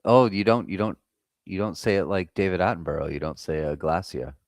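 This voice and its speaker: A man's voice: low-pitched, fairly quick, creaky, no room sound. An American man hosting a live trading stream, chatting casually and swearing freely while reading the chat. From United States. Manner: loose, profane, chatting with viewers.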